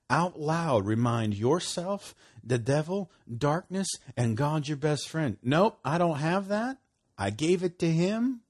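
Male preacher, conversational sermon, upbeat with a slightly high voice, big swings in pitch. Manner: animated, laughing, acts out conversations. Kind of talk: casual sermon.

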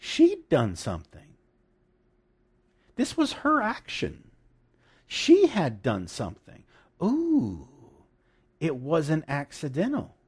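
A man preaching a sermon, animated and emphatic, with laughing asides and dramatic emphasis. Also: on the high side, takes it slowly, pauses often, breathy edge.

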